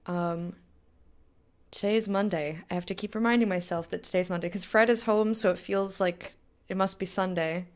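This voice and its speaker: A woman's voice: on the low side, fairly even intonation, moderate pace. Young female game streamer, casual and rambling, easy laugher. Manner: chatty, laughs often, rambling tangents. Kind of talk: casual chat with stream viewers.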